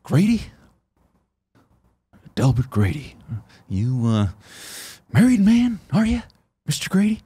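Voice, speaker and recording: A man's voice: high voice, very animated, slow, long pauses, mellow, slightly rough, dry recording, voice pushed up, exaggerated voice. An actor voicing an unhinged middle-aged man, sly and menacing, with a sneering, swooping drawl.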